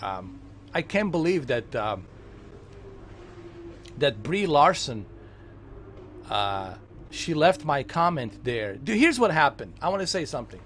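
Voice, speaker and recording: A man's voice: medium pitch, fairly bright tone, a little hiss or hum. A man chatting casually while gaming, rambling with lots of fillers and restarts. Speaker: gaming vlogger.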